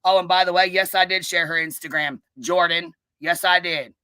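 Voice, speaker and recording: A woman hosting a live stream, ranting and calling people out in a combative, profanity-heavy way, with a notably low, bass-heavy voice. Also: steady tone, normal speed, bright, forceful tone, clean tone. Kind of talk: live-stream commentary rant.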